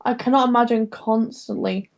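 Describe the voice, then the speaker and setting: A Geordie woman chats freely as a podcast co-host, expressive and quick to laugh. Her voice sits a little high, and a sore throat wears at it. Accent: Geordie (Newcastle). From Newcastle, England. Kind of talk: casual chat.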